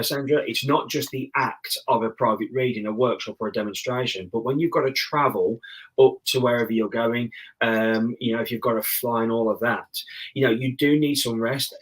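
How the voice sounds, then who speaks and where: An earnest man speaking as a guest medium in a relaxed discussion. His voice sits at a middling pitch, and his sentences wander as he thinks aloud. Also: slightly rough. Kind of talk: casual panel discussion.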